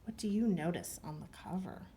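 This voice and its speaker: A woman librarian doing storytime for young children, animated, singsong and encouraging, recorded in a library. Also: on the low side, brisk, a little hiss or hum. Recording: roomy echo, distant from the mic.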